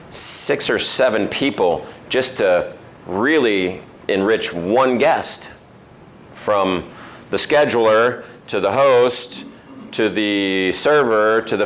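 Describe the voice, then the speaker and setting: A man who owns a restaurant gives a casual talk to a men's group, telling stories and acting out the voices of the people in them, with many fillers. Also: on the low side. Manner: storytelling, acts out quoted voices, many fillers. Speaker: restaurant owner giving a talk. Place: restaurant dining room.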